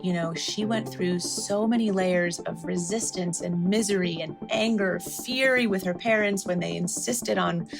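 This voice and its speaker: A woman's voice: lowish voice, measured pace, gravelly, few pauses, over music. A woman physician answering interview questions in an earnest, explanatory way, stressing each word in a list. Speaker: physician guest.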